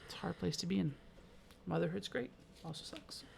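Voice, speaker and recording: A woman co-hosting a casual podcast, her voice rough with a creaky edge. She tells frank personal stories with a loose, unpolished manner and the odd curse word. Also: on the low side, expressive, brisk, noisy background. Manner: candid storytelling, frequent "like", occasional swearing. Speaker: podcast co-host. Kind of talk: casual chat.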